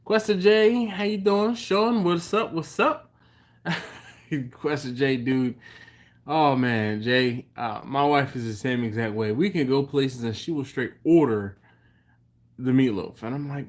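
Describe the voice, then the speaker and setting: A man's voice: medium pitch, slow. A man hosting a live stream from home, casually greeting chat viewers by name and rambling between topics.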